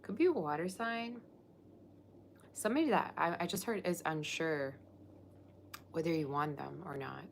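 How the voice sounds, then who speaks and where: Low-voiced chatty tarot reader woman. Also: normal speed, creaky, pauses often, slight background noise. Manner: chatty, scattered, self-interrupting. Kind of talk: casual live-stream chat.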